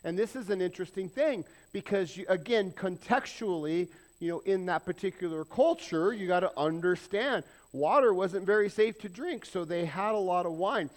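A middle-aged male pastor preaching a relaxed, talky sermon in a church. His voice sits a little high for a man, and he fills it with self-deprecating asides and acted-out quotes. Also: normal speed, few pauses. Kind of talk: conversational sermon. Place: church sanctuary.

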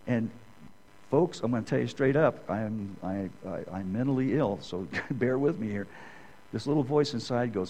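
A middle-aged Bible teacher gives a conversational sermon, rambling through personal stories and repeatedly checking in with "okay?". His voice is medium-pitched and somewhat dark, his pace moderate, and the recording quality is low.

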